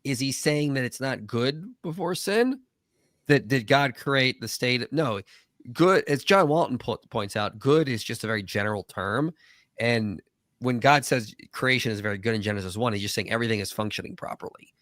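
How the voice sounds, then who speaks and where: A man's voice: mid-range voice, moderate pace, no echo, studio quality. Joking man hosting a live stream, voice prone to cracks. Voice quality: voice cracks often. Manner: animated, joking, quotes others in put-on voices. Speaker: live stream host reading chat. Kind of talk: casual live stream chat.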